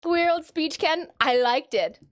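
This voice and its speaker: A woman's voice: high-pitched, expressive, slow pace. A woman from Michigan chatting casually on a live stream, reading viewer comments in a rambling, giggly way. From Michigan, USA.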